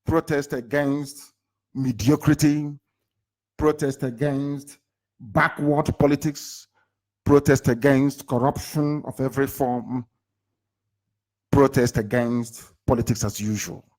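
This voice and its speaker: A man's voice: steady tone, slow, long pauses. Fiery Nigerian man rallying listeners. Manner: emphatic, fires rhetorical questions at listeners; shifts abruptly between loud bursts and low asides. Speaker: movement leader. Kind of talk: impassioned live political address.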